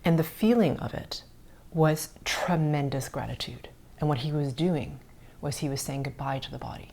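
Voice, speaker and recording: Podcast host, woman, middle-aged, low-pitched, earnest storyteller who slips into soft whispers. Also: normal speed, gravelly. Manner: earnest, drops to soft whispers at tender moments. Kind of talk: personal storytelling on a spiritual podcast.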